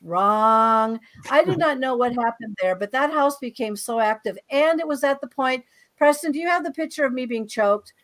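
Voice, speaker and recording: A fairly high-pitched woman talks as a guest, recounting her own eerie experiences in a loose, chatty way. She is animated and breezy, often doubling back on her words mid-sentence. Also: normal speed. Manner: animated, breezy storyteller who repeats words as she goes. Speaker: guest author and paranormal experiencer. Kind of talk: casual storytelling interview.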